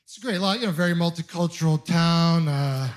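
A man in his thirties from Ontario doing a stand-up comedy set, telling stories with animated, acted-out voices. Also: on the high side, brisk. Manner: animated storytelling, acting out voices. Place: comedy club stage with audience.

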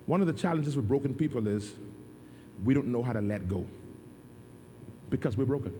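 A middle-aged man, a pastor, preaching a sermon in a dramatic storytelling way that swings from hushed to loud. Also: medium pitch, expressive, brisk, a little hiss or hum.

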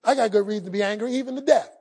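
A man voicing a grumbling, self-pitying male prophet in a quick complaining tone within a sermon. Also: high-pitched, a little mellow, breathy edge, pitched below the performer's own voice. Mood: whiny.

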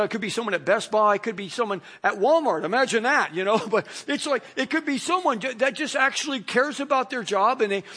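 Middle-aged preacher guy, high voice, talks casual with lots of you knows. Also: fairly bright tone, husky. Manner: conversational, storytelling, many fillers. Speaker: pastor. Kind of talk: sermon.

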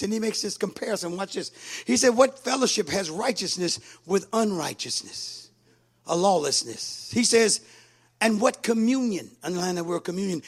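A man preaching a sermon in an animated way, calling out to the congregation. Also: high-pitched.

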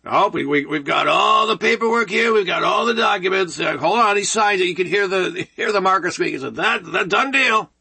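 High-pitched, gravelly talk radio host. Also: male voice, a little fast, hardly any pauses, sharp tone. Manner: joking, rambling, sarcastic.

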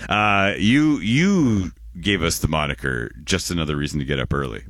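A man's voice: low voice, animated, moderate pace, fairly bright tone, no room sound, clean studio sound. A Canadian man in his forties hosting a radio show in casual chat, rambling and restarting his words, often chuckling.

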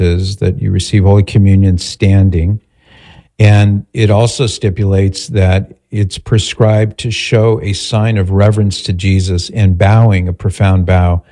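A man hosting a radio talk show, thanking donors by name and calmly explaining listeners' questions. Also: fairly low pitch.

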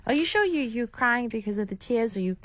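Woman, teasing radio banter, very lively pitch swings. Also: brisk, dry recording. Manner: teasing, playful. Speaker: radio co-host. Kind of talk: casual on-air chat.

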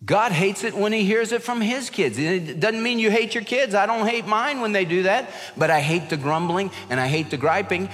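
A male pastor preaching a lively sermon, acting out complaining voices as he tells stories. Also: sits high, normal speed, few pauses. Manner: animated storyteller, acts out voices of complaining children and people. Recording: long hall reverb.

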